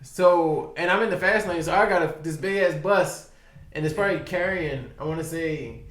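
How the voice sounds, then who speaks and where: A man's voice: fairly high pitch, moderate pace, a bit bright, roomy sound. A man from Baltimore, a podcast guest telling a long, profane, rambling story packed with quoted dialogue. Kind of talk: casual storytelling. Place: podcast studio.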